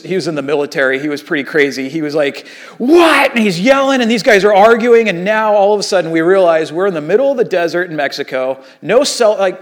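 A man in his thirties, an associate pastor, telling a story in a sermon in a casual, animated way with many fillers. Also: high voice.

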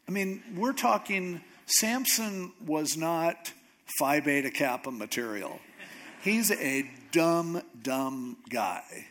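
A man preaching a sermon, retelling a story in a lively, joking way with asides. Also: fairly high pitch, slow.

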